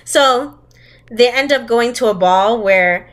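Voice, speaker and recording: A woman's voice: on the high side, slow pace. A young woman co-hosting a casual podcast, sarcastically recapping a movie's plot, laughing often and acting out the characters' lines. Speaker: podcast co-host.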